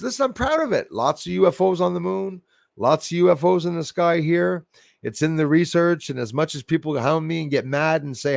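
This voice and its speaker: A man's voice: fairly high pitch, gravelly, no room sound, clean studio sound. A middle-aged man, hosting a livestream and chatting casually through viewer comments, rambling and laughing often. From Canada. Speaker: livestream host.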